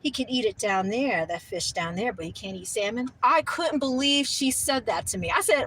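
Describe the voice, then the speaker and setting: Middle-aged woman, high voice, lively storyteller who laughs a lot and jumps up in pitch when shocked; faint vehicle hum. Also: normal speed, few pauses, rough recording. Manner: animated, laughing, voice shoots up high when outraged. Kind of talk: casual storytelling.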